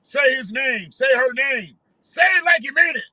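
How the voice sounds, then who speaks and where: A man's voice: very high voice, moderate pace, pushed and bright, breathy edge, no room sound, full character voice, low-quality recording. A man voicing a male activist in a throaty, phlegmy preacher voice, chanting slogans. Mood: preaching.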